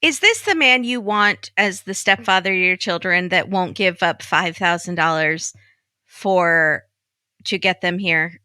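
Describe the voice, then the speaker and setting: Woman guest on a podcast, bright voice, dry close sound, jokey quick asides. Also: fairly low pitch, no echo. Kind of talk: casual chat about a reality show.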